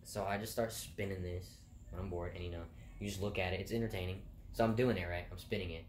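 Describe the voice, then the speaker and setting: A young man vlogs casual stories about funny things from his job, rambling, swearing and laughing often. His voice is low and steady and he talks fast, recorded in an echoey room with faint noise.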